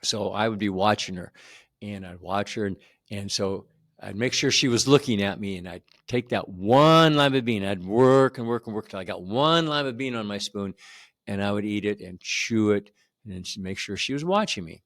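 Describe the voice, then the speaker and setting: A man's voice: fairly low pitch, normal speed, fairly bright tone. A man in his seventies telling a personal childhood story to camera in a conversational way, repeating words for emphasis. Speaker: channel host.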